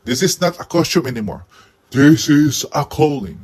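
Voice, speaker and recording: A man giving a comic movie review in a husky head costume, with deadpan jokes and sudden outbursts. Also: a little high, normal speed. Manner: speaking while wearing a husky head costume.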